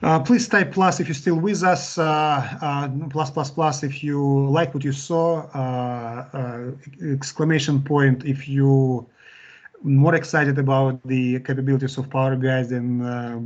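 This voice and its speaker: A man presenting a live webinar, answering chat questions and wrapping up. He talks in a halting way, with frequent fillers and restarts. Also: medium pitch, fairly even intonation, a little mellow. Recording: dull, lo-fi webinar audio.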